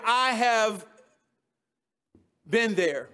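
A man with a notably high voice delivers a sermon, walking his listeners through a scripture passage verse by verse. He retells the story in casual, modern words and laughs along at his own humor. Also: animated, slow pace, pauses often, fairly bright tone. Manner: chuckles at his own jokes. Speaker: preacher. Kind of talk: expository sermon.

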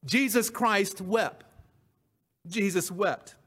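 A man's voice: high-pitched, very slow, a bit bright, breathy edge. A man preaching a sermon, repeating key phrases with emphasis. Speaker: pastor.

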